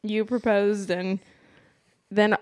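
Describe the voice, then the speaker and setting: A young woman co-hosting a casual chat, animated and laughing often as she tells a story. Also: medium pitch, takes it slowly, a little hiss or hum. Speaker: podcast co-host.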